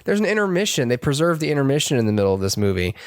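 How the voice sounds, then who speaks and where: A man's voice: very animated, very fast, dry recording, studio quality. A man co-hosting a casual movie review podcast, rambling with lots of restarts and fillers. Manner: rambling, many restarts and fillers, puts on high voices to quote characters. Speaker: podcast co-host.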